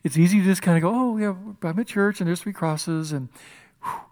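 A man delivers a sermon in church with a voice pitched a little above most men's. His delivery is impassioned, rising to loud emphasis and then dropping to hushed, breathy asides. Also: a little fast. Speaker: pastor.

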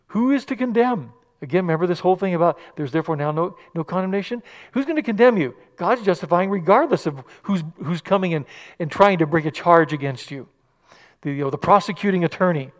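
A man delivering a sermon in a slightly high voice. He moves from soft, intimate asides to forceful, loud declarations. The room gives a long, echoing reverb. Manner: animated, swinging from hushed to loud. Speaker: pastor.

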